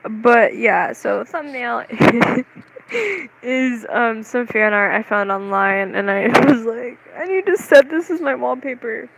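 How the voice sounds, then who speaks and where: A young vlogger chatting casually to the camera, rambling and excitable, with lots of "like"s and giggles. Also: medium pitch, vocal fry, rough recording. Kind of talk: casual vlog chat.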